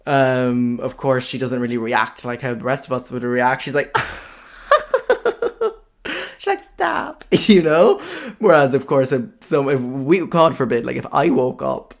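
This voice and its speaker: A man's voice: medium pitch, steady tone, normal speed, few pauses. A man hosting a podcast, talking in a chatty, frank way, heavy on fillers and swearing. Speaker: podcast host. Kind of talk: casual podcast monologue.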